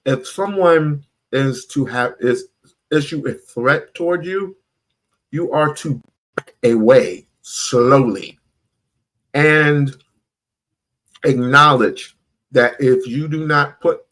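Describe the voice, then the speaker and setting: A man calmly explaining his opinion in a measured, hesitant way. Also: medium pitch. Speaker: panel speaker. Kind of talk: opinionated talk.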